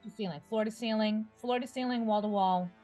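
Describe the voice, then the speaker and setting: A woman narrating a tabletop game as game master, calm and descriptive. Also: medium pitch, brisk, faint music behind.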